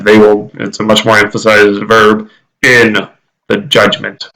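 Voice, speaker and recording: A man giving a casual language lesson on a Bible verse, thinking aloud with many fillers and slowing down to read phrases word by word. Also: on the low side, completely flat delivery, gravelly, pushed and bright, rough recording. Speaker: teacher.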